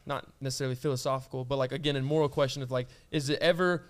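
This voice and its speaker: A man co-hosting a podcast, chatting casually and telling animated stories. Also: medium pitch, racing. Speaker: podcast co-host. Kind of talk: casual chat.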